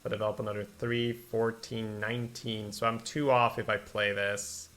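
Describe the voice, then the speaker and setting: A man's voice: lowish voice, flat delivery, moderate pace, a bit bright. A man from Belgium, a game streamer chatting casually while thinking aloud about his plays and answering viewers. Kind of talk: casual live-stream commentary.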